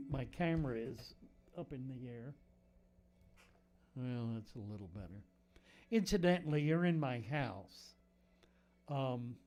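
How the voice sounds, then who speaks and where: Slow-talking fishkeeping streamer man. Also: mid-range voice, warm tone. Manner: rambling, thinks aloud while fiddling with gear. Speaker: fishkeeping livestream host. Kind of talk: casual livestream chat answering viewers. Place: home room with fish tanks. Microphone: desk microphone.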